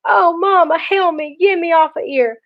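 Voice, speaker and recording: A panicky boy who wails and begs for help in a shrill, high voice, as a woman reads him aloud. The sound is dull and lo-fi, like a simple home recording of a storybook. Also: normal speed. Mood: pleading panic. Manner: pleading, wailing. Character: boy with lips frozen to a mirror, panicking.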